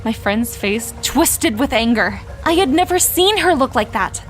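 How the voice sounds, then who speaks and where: A young woman tells a first-person story with lots of drama and emotion. Her voice is bright and high, and faint background music plays under the narration. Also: animated, measured pace. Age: young adult.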